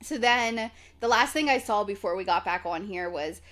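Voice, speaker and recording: A young woman co-hosting a podcast, chatting casually and acting out quotes in lively voices. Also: mid-range voice, normal speed. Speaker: podcast co-host. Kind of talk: casual chat recapping reality TV.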